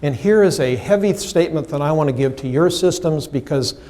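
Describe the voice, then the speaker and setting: A man's voice: a little high, fairly quick, dark tone. Emphatic man lecturing a seminar. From United States. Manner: emphatic, asks the audience questions, acts out quotes. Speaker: seminar presenter. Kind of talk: professional development lecture. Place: seminar room with live audience.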